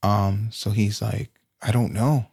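A man in his thirties co-hosting a casual podcast chat, telling profane stories with animated retellings. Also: on the low side, slow pace, creaky, breathy edge, dry recording, clean studio sound. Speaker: podcast co-host.

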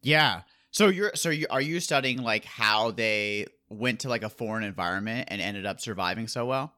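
An American man hosts a podcast, talking in a laid-back, casual way and leaning on "dude" and "like". His voice has a bright, forceful tone. The recording is dry and close, with no room sound. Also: lowish voice, normal speed, dry recording. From United States. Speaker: podcast host. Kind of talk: casual interview chat.

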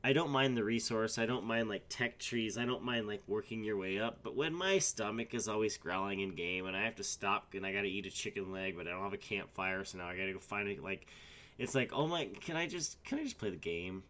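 Guy cohosting a gaming podcast, lowish voice, kinda hoarse from being sick, lots of ums. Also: fairly quick, a bit bright. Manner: rambling, with many fillers and restarts. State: getting over a sickness, a bit hoarse. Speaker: podcast co-host. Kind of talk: casual chat.

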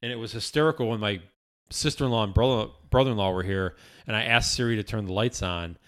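A man with a somewhat low voice talks casually as a podcast co-host. He rambles, restarts his sentences and laughs often along the way. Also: quick pace, fairly bright tone. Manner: rambling, self-interrupting, laughs easily. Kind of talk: casual chat.

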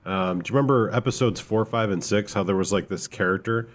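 A man's voice: fairly low pitch, fast, slight background noise. A man co-hosting a casual podcast review of a tabletop game book, talking in a rambling, hesitant way with lots of fillers. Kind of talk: casual chat.

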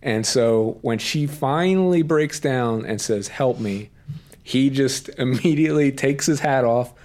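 A man's voice: medium pitch, unhurried, darkish tone. A man co-hosting an anime recap podcast, retelling scenes in a casual, enthusiastic way full of fillers and quoted lines. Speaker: podcast co-host.

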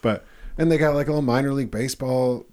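A man's voice: mid-range voice, fast talker, darkish tone. A man hosting a casual chat, talkative, laughing often and swearing casually.

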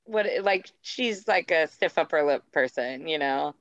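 A woman co-hosting a casual chat, laughing often and reacting quickly. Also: low voice, lively intonation, no room sound, muffled recording. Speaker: podcast co-host.

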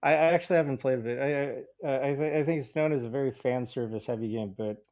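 A man's voice: medium pitch, quick pace, darkish tone. A man co-hosting a podcast, talking in a hesitant, thoughtful way with many ums and likes. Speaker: podcast co-host. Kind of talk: casual podcast chat.

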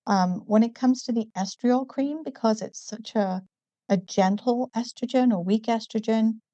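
On a lo-fi, dry recording, a middle-aged woman from northeast England's Newcastle, now a company founder, talks as a casual interview guest in a fairly high voice. Years in America have partly softened her northern English accent, and she explains things in a measured manner punctuated by frequent ums.

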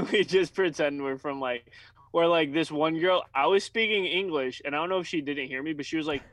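A man co-hosting a casual chat, joking and telling quick anecdotes. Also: on the high side, fairly bright tone, dry recording, poor audio. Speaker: co-host.

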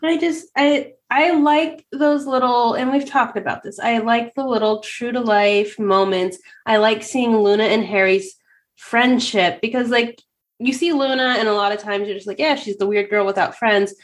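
A woman's voice: on the high side, fairly even intonation, moderate pace. A woman co-hosting a casual podcast, chatting with short dry, teasing remarks. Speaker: podcast co-host. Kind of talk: casual chat.

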